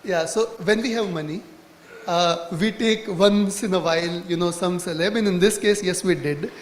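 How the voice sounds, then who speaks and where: A high-pitched man explains his marketing approach on a conference panel. His voice carries through a large, echoing hall with a long reverb tail and a faint hiss underneath. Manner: quick explanatory talk, mixing in Hindi phrases. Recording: echoey hall with faint noise.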